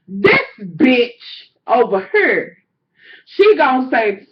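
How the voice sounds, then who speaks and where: Brief: young woman vlogger, higher voice, loud and animated storyteller, swearing freely, lo-fi sound. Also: a little slow. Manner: animated, profane, swings between low asides and loud outbursts. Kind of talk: casual storytelling rant.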